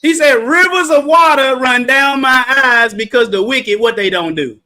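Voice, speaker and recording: A man with a very high, sharp and bright voice teaches a livestreamed Bible study. He talks in a playful, animated way and quizzes his listeners. Now and then he bursts into shouted emphasis. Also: normal speed.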